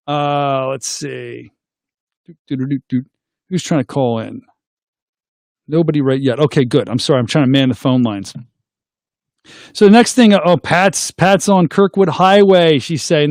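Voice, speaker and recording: A middle-aged man, hosting a casual call-in show, goofy and excitable, making silly sound effects. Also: a little high, measured pace, no echo, clean studio sound. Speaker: host of a call-in livestream show.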